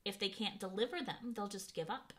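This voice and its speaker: A woman's voice: medium pitch, fairly quick, lightly acted. A woman voicing a blustering, short-tempered middle-aged man in a storybook reading. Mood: dismissive. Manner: blustering, shouting.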